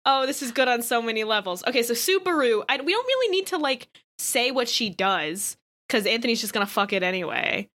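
Woman, podcast host; excitable, laughing, lively swooping high voice. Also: a little fast. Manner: laughing, excitable, swears casually. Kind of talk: casual group chat.

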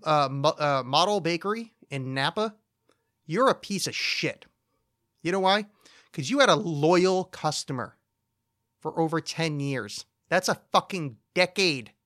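A man's voice: fairly high pitch, unhurried, a bit bright, no room sound, clean studio sound. Profane rambling male podcast host. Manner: rambling, profane, mock-outraged. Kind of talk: solo comedic rant podcast.

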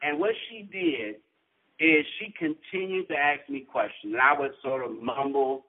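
A man's voice: a little high, moderate pace, husky. A man, an author and guest, telling his life story in an earnest, inspirational way with a preacher-like rhythm. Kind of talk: storytelling interview, motivational. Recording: tinny phone-line sound.

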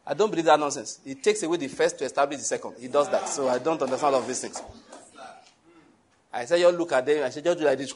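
A man preaches to his congregation, laughing often and tossing questions at the listeners. His voice sits a little high and sounds husky. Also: animated, fast talker. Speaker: pastor. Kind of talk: sermon.

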